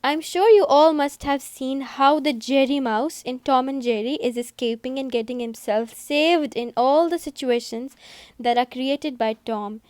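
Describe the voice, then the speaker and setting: Casting: woman schoolteacher, recorded lesson, high voice, dry close sound, patient step-by-step explaining. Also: darkish tone, clear, resonant tone, dry recording. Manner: slow, repetitive, explaining step by step. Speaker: school English teacher. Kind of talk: recorded lesson for young pupils.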